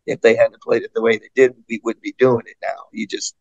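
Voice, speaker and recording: A man and metal singer chatting in an interview, telling stories with lively acted-out quotes and frequent laughs. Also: mid-range voice, fairly quick, no echo, muffled recording. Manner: animated storyteller, acts out fans' voices, laughs often. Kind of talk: casual interview chat.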